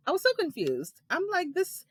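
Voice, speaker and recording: A woman in her thirties hosting a casual reality TV recap, sassy and animated, with dramatic asides and sharp jumps in pitch for emphasis. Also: moderate pace, no echo. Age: 30s.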